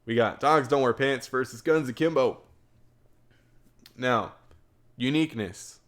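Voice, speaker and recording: Young man, podcast host, casual film talk, excitable, rambling, repeats himself, mid pitch. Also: a little slow. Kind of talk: casual livestream film review.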